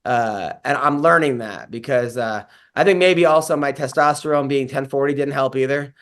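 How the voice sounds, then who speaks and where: A man's voice: medium pitch, moderate pace, a bit bright. A man, a comedian and podcast host, telling a rambling story in casual chat, full of fillers and swearing.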